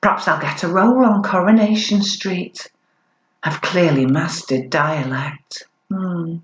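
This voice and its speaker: A woman's voice: lowish voice, a little slow, echoey room, dull audio, slight background noise, voice pushed down, close to an everyday voice. A woman doing a breezy, sarcastic royal wife. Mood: mock-cheerful.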